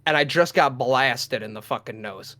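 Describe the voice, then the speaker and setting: A young man, a podcast co-host, telling a rowdy personal story with lots of swearing and loud acted-out shouts. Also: mid-range voice, moderate pace, no echo. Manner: profane, animated, acts out his own lines in a loud voice. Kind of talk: casual storytelling.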